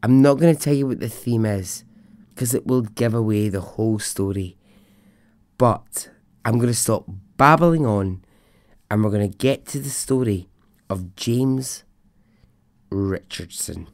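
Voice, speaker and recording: A man's voice: fairly low pitch, a little slow, pauses often, a little mellow, no room sound, clean studio sound. A Scottish man hosting a storytelling podcast, chatting in an enthusiastic, rambling way with lots of asides. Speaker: podcast host. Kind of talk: casual storytelling podcast chat.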